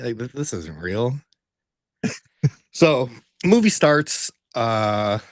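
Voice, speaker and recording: A man's voice: mid-range voice, dry recording. Man telling a story in a dry room. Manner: animated, profanity-heavy storytelling with many fillers; laughs while telling the story. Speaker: podcast co-host. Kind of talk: casual chat.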